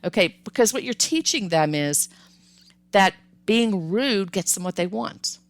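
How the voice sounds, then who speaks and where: An older woman hosting a parenting podcast, giving advice in a calm, firm, instructive way with repeated emphasis. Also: medium pitch, a little slow, dry recording.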